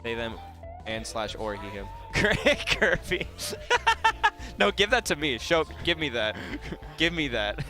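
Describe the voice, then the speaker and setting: A man's voice: mid-range voice, sing-song, slow pace, over music. A young man co-casting a live fighting-game stream with sarcastic, joking banter. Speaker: esports commentator. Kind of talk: live esports commentary.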